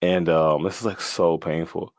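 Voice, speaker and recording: A man's voice: sits low, flat delivery, moderate pace, dry recording, clean studio sound. A young man telling his story casually as a guest, slangy and often laughing, with lots of "like" and "bro.".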